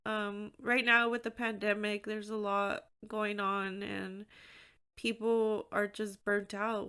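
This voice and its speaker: A woman talks alone on her podcast in a candid, conversational way, often dropping in "like". Her voice sits at an ordinary middle pitch for a woman. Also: a bit bright, clean tone. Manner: candid and conversational, frequent "like" fillers. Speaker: podcast host. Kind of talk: solo podcast talk.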